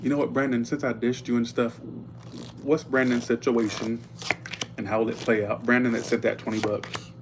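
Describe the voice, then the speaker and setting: A tarot reader on a casual livestream talks at an everyday middle pitch, chatty and blunt, thanking viewers for tips. His delivery is flat and moderately paced, and a faint hum sits beneath his voice.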